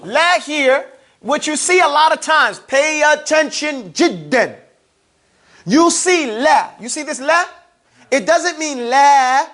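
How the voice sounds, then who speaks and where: High-pitched teacher, classroom lesson, call-and-response drilling, playful. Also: takes it slowly, a bit bright. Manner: playful, teasing. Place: classroom with students.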